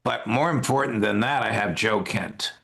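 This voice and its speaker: An older man speaking as a legal commentator guest in an interview, measured with frequent pauses. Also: fairly low pitch, creaky, a bit bright. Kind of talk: interview conversation.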